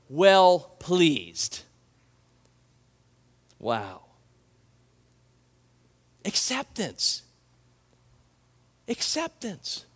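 A man with a high voice for his sex preaches a sermon to his congregation. He talks in an earnest, conversational way, leaning on repetition to drive points home. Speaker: pastor.

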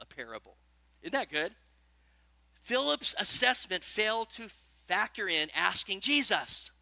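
A man's voice: high voice, no room sound. A man preaching a sermon and asking his listeners questions as he teaches. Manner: animated preaching, asks the congregation questions. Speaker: pastor.

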